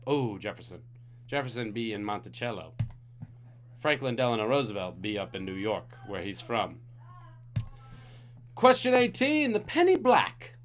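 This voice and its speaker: A tired man hosting a live-streamed trivia game, reading out questions and joking with the chat between them. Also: medium pitch. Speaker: trivia host.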